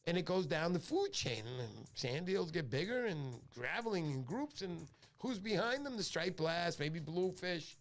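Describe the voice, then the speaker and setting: Middle-aged New host with a higher voice, jokes his way through rambling stories on a fishing stream, faint music behind. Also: big pitch swings, moderate pace, few pauses. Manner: joking, rambling storyteller. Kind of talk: casual livestream chat.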